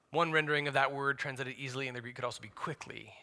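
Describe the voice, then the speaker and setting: A man preaching a sermon as pastor, emphatic, swinging between loud declarations and hushed asides. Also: medium pitch, quick pace, hardly any pauses.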